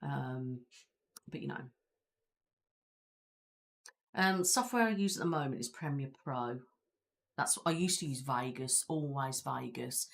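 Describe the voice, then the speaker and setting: A British woman with a low, relaxed voice chats casually to viewers on a live stream. She rambles from topic to topic and reads out comments as she goes, sitting at home with her feet up. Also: measured pace, creaky, pauses often. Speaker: ASMR channel host.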